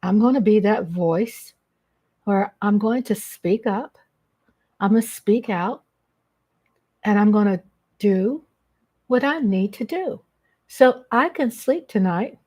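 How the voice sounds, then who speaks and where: A woman's voice: medium pitch, takes it slowly, pauses often, warm tone, husky. Chatty woman streaming live. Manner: chatty, greets viewers by name, affectionate. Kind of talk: casual live-stream chat.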